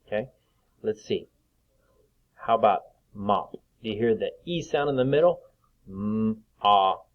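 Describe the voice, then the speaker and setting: A man teaching young children to read, slowly sounding out letters and words with patience. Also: mid-range voice, highs cut off. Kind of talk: reading lesson for young children.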